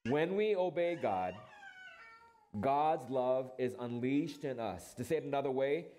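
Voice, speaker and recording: A middle-aged male pastor preaching an earnest sermon, asking rhetorical questions and dropping his voice low when quoting scripture. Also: expressive, a little slow, mellow.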